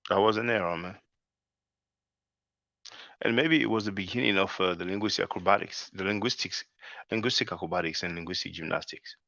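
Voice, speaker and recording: His low, gravelly voice comes out fairly quick, pushed and bright, with long pauses and no echo. The channel host delivers a loose, conversational monologue, calling viewers brothers and sisters and often saying "man," in a dull, dry lo-fi recording.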